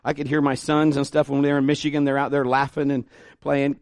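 A man preaching to his congregation with a folksy, talk-it-through delivery that swells into emphatic bursts. His voice sits a little high for a man. It comes across close and dry, with hardly any room sound on it. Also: level tone, fairly quick, no echo. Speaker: pastor. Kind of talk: sermon.

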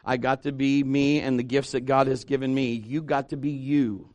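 A male pastor in his fifties preaching to his church, swinging from loud exhortation to quiet, intimate asides with humor. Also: medium pitch, level tone, moderate pace, no room sound. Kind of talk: sermon. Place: church sanctuary.

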